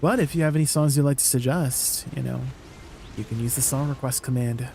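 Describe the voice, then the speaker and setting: A young man with a Canadian accent chats with his viewers during a gaming stream, playful and curious, firing questions at chat. His voice is mellow and soft-edged at an ordinary pitch. A faint hum of noise runs underneath. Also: brisk, creaky. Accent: Canadian English. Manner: chatty and playful, laughs often, asks viewers questions. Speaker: live streamer.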